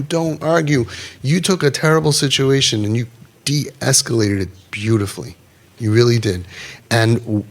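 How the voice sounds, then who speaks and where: A man with a gravelly, somewhat high voice counsels parents in a group. He talks animatedly, repeats his phrases for emphasis and acts out the people he quotes. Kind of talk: advice talk to parents.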